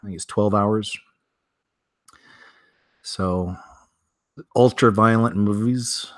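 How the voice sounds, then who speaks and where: In casual news commentary on strange stories, a man reads the headlines and then riffs on them chattily with asides. His fairly low voice stays fairly even and slow. The recording is dry and studio quality.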